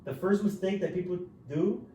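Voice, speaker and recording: A man's voice: high voice, moderate pace, warm tone. A male podcast host in casual chat, laid-back and profane, tacking "dude" onto nearly every phrase. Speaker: podcast host telling prison stories. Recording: roomy echo, voice far from the mic, faint ambient hiss.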